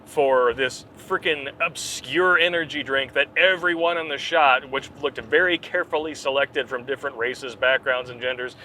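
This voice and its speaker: A man's voice: medium pitch, steady tone, normal speed, hardly any pauses, sharp tone, a little hiss or hum, poor audio. A man hosting a podcast, chatting casually and jokingly with rambling asides. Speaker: podcast host. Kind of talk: casual comedic banter.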